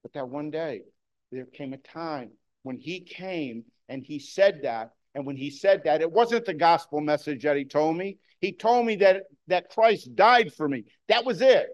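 A man preaching a sermon to his congregation, moving between loud excited bursts and hushed, slow emphasis. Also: on the high side. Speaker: pastor.

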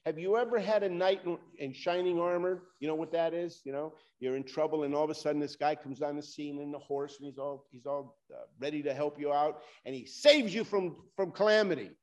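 A man with a high voice delivers a sermon. He talks straight to his listeners, pushing some lines hard and letting others drop low. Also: a little fast, few pauses, darkish tone, muffled recording. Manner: preaching with rising and falling emphasis, addresses listeners directly. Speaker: pastor.

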